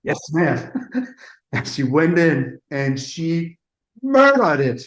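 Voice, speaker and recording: A man, a music producer, telling an animated anecdote in an interview and acting out the dialogue with quick asides. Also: fairly high pitch, roomy sound, low-quality recording.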